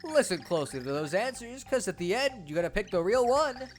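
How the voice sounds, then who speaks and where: A woman's voice: mid-range voice, lively intonation, a little fast, faint music behind, voice pushed up, lightly acted. A woman doing a hyped game-show host. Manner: hyped, showy announcing.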